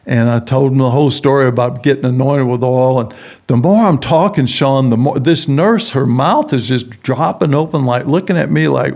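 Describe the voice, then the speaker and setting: Gravelly-voiced man telling a story. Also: medium pitch, normal speed. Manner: animated storyteller acting out quoted voices. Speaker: guest, prison ministry founder. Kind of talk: storytelling in a podcast interview.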